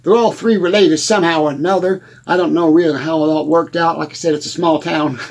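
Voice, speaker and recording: A rambling, stammering country bumpkin, played by a man, tells folksy small-town tales in a comedy monologue. His voice sits high and keeps repeating and restarting words. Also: fairly even intonation, fairly quick, a little hiss or hum, lightly acted. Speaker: comedy character host.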